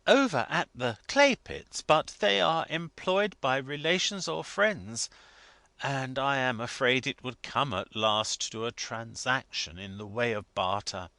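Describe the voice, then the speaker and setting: An obliging clergyman, anxious and a little perplexed, talking earnestly in a lively, bright voice, as a male reader plays him. The recording is dry and close. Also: mid-range voice, a little slow, no echo, pitched above the performer's own voice. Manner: earnest, hesitant. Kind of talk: audiobook character reading.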